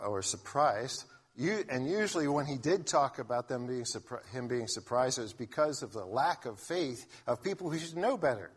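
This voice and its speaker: A pastor delivers a conversational sermon, reading scripture aloud and frequently restarting his sentences. His voice is husky and medium in pitch.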